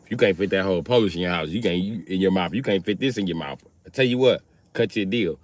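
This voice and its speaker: A man hosting a livestream, riffing through a crude comedic monologue and jumping into high put-on voices for quotes. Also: fast. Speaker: livestream host.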